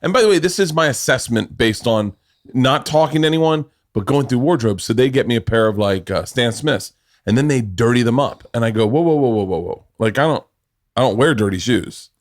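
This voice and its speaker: A middle-aged man hosting a podcast, telling animated stories in casual chat, swearing freely and laughing as he talks. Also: mid-range voice, brisk. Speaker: podcast host.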